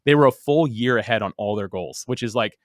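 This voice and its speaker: A podcast guest in his thirties casually tells his story, talking rapidly and filling it with "like" and repeated words. His voice is mid-range, and the clean studio sound has no room sound.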